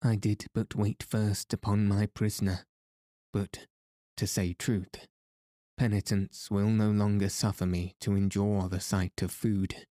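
A man's voice: fairly low pitch, level tone, unhurried, warm tone, dry recording, clean studio sound, lightly acted. A man reading the part of an earnest young knight who answers politely and hesitantly in old-fashioned speech. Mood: flustered.

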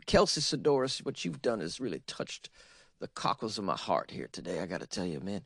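Guy doing a folksy old southern man voice, drawly and rambling, pitched down low, dry sound. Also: sing-song, a little fast, creaky, fairly bright tone, slightly rough, no echo, heavily acted. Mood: earnest. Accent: put-on Southern US.

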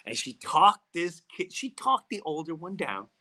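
On his podcast, a middle-aged man tells a story in an easygoing, animated manner and performs the voices of the people involved. His voice is a little high, at a moderate pace with few pauses.

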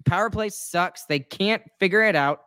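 A woman co-hosting a sports talk podcast vents her frustration in casual chat, rambling emotionally with many restarts and apologies. Her voice is medium-pitched and fairly bright at a normal speed, recorded with clean studio sound and no echo.

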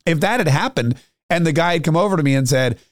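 A man's voice: on the high side, animated, fast talker, dry recording, studio quality. A middle-aged man hosting a talk show, telling a rambling, self-mocking story in a casual monologue. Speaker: radio talk show host.

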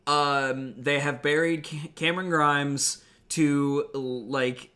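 A man's voice: a little high, fairly even intonation, slow pace, bright, forceful tone. A young adult man co-hosting a podcast, recapping wrestling in casual, rambling chat full of fillers, with a wry tone. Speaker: podcast co-host.

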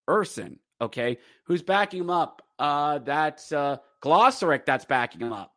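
A man hosting a podcast, rambling casually with fillers through a game recap and slipping into excited play-by-play. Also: a little high, unhurried, few pauses, dry recording, clean studio sound. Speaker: podcast host.

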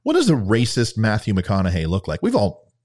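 A man's voice: lowish voice, wildly swooping pitch, fairly quick, darkish tone. Combative man hosting a talk podcast. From Louisiana. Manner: combative, conversational, talks straight to listeners. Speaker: podcast host. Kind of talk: opinionated political talk show.

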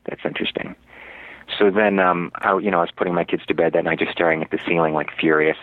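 A man's voice: deep voice, fairly even intonation, fast, no room sound. A male actor telling a story as an interview guest, rambling with many fillers and restarts. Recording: dry, tinny, phone-like radio audio.

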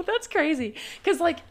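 A young woman co-hosting a casual chat podcast, telling family stories in an animated way with plenty of fillers. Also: very high voice. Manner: animated storytelling, quick laughs, filler-heavy. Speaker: podcast co-host.

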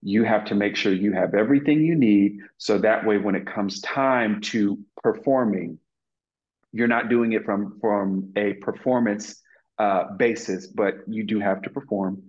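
A man's voice: lowish voice, a little slow, darkish tone. A man being interviewed as an actor, earnestly telling stories from set, with many fillers and restarts. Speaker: actor guest. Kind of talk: casual interview storytelling. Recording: lo-fi muffled audio.

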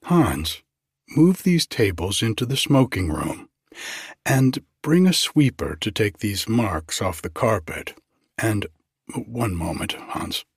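A man's voice: lowish voice, sing-song, slow pace, slightly rough, dry recording, clean studio sound, heavily acted. A man reading aloud, voicing a bossy young woman who loves giving orders with theatrical flair. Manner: commanding, theatrical.

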